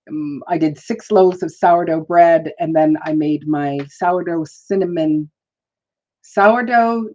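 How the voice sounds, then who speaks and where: A woman's voice: low voice, mellow, muffled recording. A woman hosting a live stream, chatting in a rambling, casual way, laughing often and greeting viewers. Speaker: livestream host.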